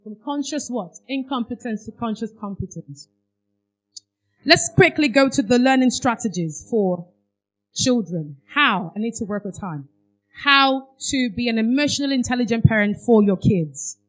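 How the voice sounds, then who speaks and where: A woman's voice: a little high, lively intonation, normal speed, soft background music. A woman giving a parenting workshop talk in a conference hall, asking the audience questions for them to finish aloud. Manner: quizzes audience with fill-in questions. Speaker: workshop speaker.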